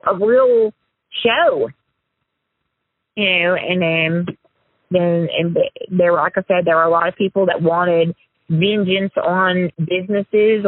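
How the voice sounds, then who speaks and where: A woman with a medium-pitched, slightly rough voice is interviewed over the phone about her days as a prank caller. She rambles, cuts herself off, and speaks confessionally in this casual interview, and the recording is dry.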